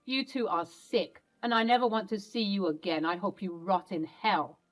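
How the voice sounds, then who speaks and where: A woman's voice: mid-range voice, moderate pace, natural voice, rough recording. A woman voicing a rich, cruel older mother-in-law who speaks in cold, contemptuous threats.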